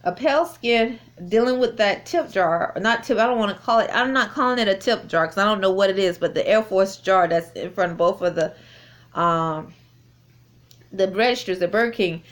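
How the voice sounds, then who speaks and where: A woman's voice: mid-range voice, normal speed. A woman telling a personal story in a casual spoken testimony, rambling with many fillers and restarts, recorded indoors on a phone. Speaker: vlogger recounting a personal experience.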